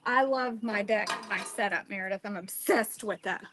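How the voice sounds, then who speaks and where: This cooking vlogger talks straight to her audience as she prepares food out on her deck, full of exclamations. She speaks at normal speed with a medium pitch, and the background is noisy.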